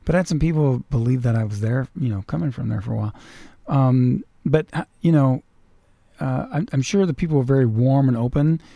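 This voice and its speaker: A man hosting a casual radio chat in a studio, talking haltingly with lots of fillers. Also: mid-range voice, gravelly, warm tone, dry recording. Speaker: radio show host.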